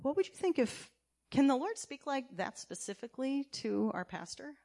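A woman elder delivers a sermon with a fairly high voice. She swings between loud, forceful points and quiet, low passages, and keeps asking her listeners questions. She is speaking in a church sanctuary. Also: sing-song, moderate pace, creaky.

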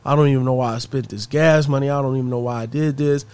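A man voicing an anxious, doubtful mother, speaking low and subdued. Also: steady tone, quick pace, darkish tone, clear, resonant tone, dry recording, close to an everyday voice. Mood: worried.

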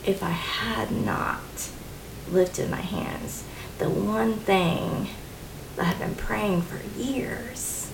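A middle-aged woman co-hosting a casual faith talk, telling a personal story in an animated way and laughing often. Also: medium pitch, very slow, creaky, background noise. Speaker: co-host. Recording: echoey room.

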